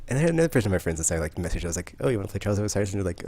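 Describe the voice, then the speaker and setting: A man's voice: low-pitched, expressive, very fast, hardly any pauses, a little mellow. A man hosting a podcast, telling rambling stories in casual chat with lots of fillers. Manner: rambling, filler-heavy storytelling. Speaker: podcast host.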